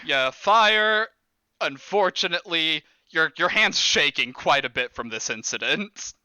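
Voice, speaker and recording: A man's voice: fairly high pitch, animated, measured pace, sharp tone, clean tone. A man running a tabletop horror game as game master, explaining rules casually and laughing often.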